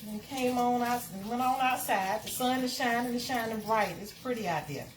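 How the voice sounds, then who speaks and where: A woman's voice: a little high, moderate pace, a little hiss or hum. A woman, hosting a casual live stream and chatting to viewers in a repetitive, easygoing way. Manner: chatty, repeats herself, talks to viewers by name.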